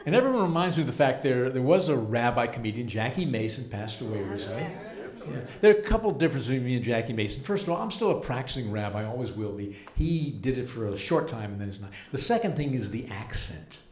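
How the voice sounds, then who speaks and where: Older man doing deadpan stand-up in a roomy club. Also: medium pitch, fast talker. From United States. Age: 70s. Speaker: stand-up comedian and rabbi. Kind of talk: stand-up comedy set. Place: comedy club stage. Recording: roomy live club sound.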